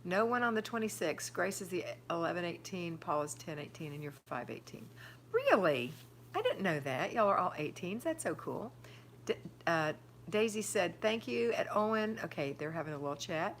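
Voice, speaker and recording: Reading out viewer comments on her live stream, an older woman chats casually and gives firm advice on homemaking. She has a lowish, sing-song voice at normal speed. There's a slight hiss or hum.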